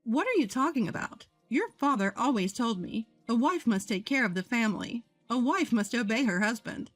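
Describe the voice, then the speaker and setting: A woman's voice: fairly high pitch, animated, moderate pace, faint music behind. A woman voicing a bossy, entitled older mother-in-law in a storybook narration, speaking in a nagging, demanding way. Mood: indignant.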